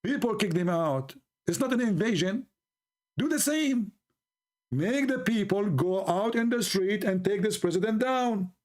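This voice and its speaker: Animated high-voiced man with an Arabic accent. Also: normal speed. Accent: Middle Eastern Arabic. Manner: animated, mocking, repeats words, laughs at his own points. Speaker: online commentator. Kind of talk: casual opinion talk with storytelling.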